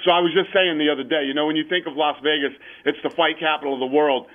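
A man's voice: on the high side, steady tone, fast talker. A man being interviewed over the phone, talking in a blunt, emphatic way. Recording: tinny phone line.

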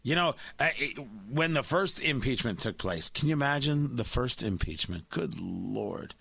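A man's voice: medium pitch, animated, measured pace, vocal fry, pushed and bright, slightly rough. A man hosting a talk radio show, giving opinionated, mocking commentary from a studio microphone.

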